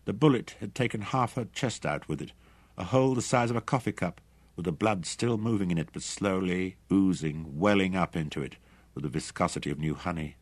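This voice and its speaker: Deep, husky male audiobook narrator. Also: fairly quick, no echo. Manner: dramatic, expressive reading. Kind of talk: scripted narration.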